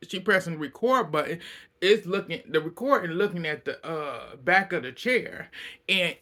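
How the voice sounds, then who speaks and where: A man giving a casual, animated recap of a reality show, laughing often and speaking bluntly with plenty of profanity. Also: fairly high pitch, moderate pace.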